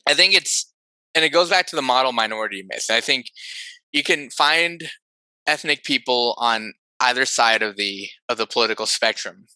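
A man talking on a podcast in a thoughtful, animated way, often correcting himself as he goes. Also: mid-range voice, moderate pace, clear, resonant tone, no echo, poor audio. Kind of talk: casual conversation.

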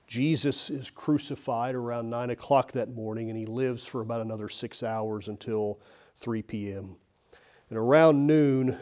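A man preaching a sermon earnestly, swinging from strong emphasis to hushed near-whispers. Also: medium pitch.

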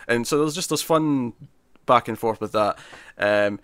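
A man's voice: mid-range voice, a little fast, sharp tone, clean tone, dry recording, clean studio sound. A man co-hosting a casual podcast chat, rambling through a story with many fillers and restarts. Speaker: podcast co-host reviewing comics.

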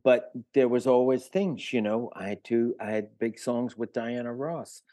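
A man's voice: medium pitch, unhurried, dark tone, no room sound. An older man, a retired musician, telling long stories in a casual interview, with many fillers and restarts. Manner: rambling, filler-heavy anecdotes.

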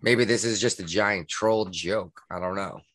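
Sarcastic, rambling low-voiced man. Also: a little slow, fairly bright tone, no echo. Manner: rambling, sarcastic, with frequent fillers and restarts. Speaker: podcast co-host. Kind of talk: casual chat.

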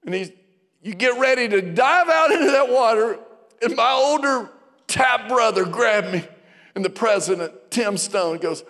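A man's voice: very high voice, expressive, unhurried, a bit bright. A man in his fifties preaching a sermon, telling a personal story and calling out to the congregation. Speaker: pastor. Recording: long reverb of a large hall.

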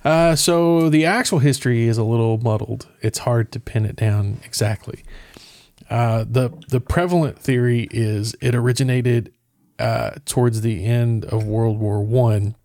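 A man's voice: mid-range voice, a little slow, a little mellow, no echo. A man co-hosting a casual podcast, explaining at length with hesitant fillers. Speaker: podcast co-host.

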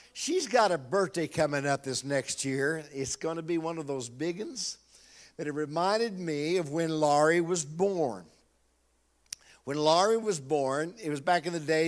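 An older man preaching a sermon, calling out to the congregation and telling a personal story. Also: sits high. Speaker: pastor.

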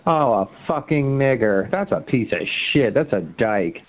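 On a tinny phone line, a chat line caller taunts someone in a heated argument. His voice is animated and a little slow, mocking as it swings into a shrill sneer.

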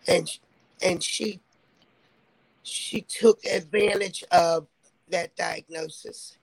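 A middle-aged woman introducing herself as a mother on a panel, emphatic, with halting repetitions. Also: on the low side, fairly even intonation, creaky, breathy edge, no echo, low-quality recording.

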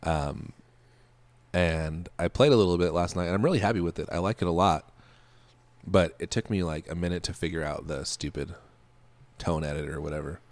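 A man co-hosting a podcast in casual chat, relaxed, laughing easily and trailing off. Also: sits low, brisk, no room sound. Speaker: podcast co-host.

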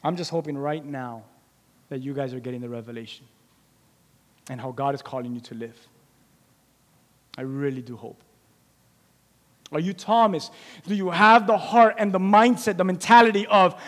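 A man's voice: fairly high pitch, normal speed, long pauses, long reverb tail. A man preaching a sermon, emphatic and repetitive, asking the listeners rhetorical questions.

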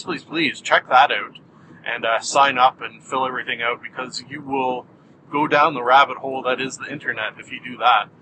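Jokey, bright-voiced male podcast host. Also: mid-range voice, a little hiss or hum, low-quality recording. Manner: jokey, self-mocking, bursts of mock outrage. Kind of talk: solo podcast monologue.

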